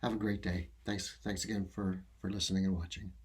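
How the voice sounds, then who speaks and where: A man hosting a podcast, wrapping up a segment in a soft-spoken, halting way with many fillers. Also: sits low, little pitch movement, heavy background noise. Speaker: podcast host. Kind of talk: casual podcast wrap-up.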